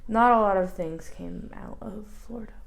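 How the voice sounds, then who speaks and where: A woman's voice: medium pitch, moderate pace, vocal fry. Blunt young woman chatting. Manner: blunt, matter-of-fact. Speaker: YouTube co-host. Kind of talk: casual chat.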